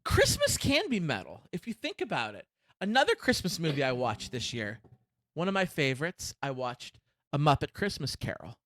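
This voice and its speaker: A high, bright-voiced man co-hosting a podcast, jumping up and down in pitch as he riffs. He is excitable and swears freely. His voice sounds dry and close to the mic. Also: moderate pace, dry recording. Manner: excitable, laughs often, swears. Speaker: podcast co-host. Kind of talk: casual chat.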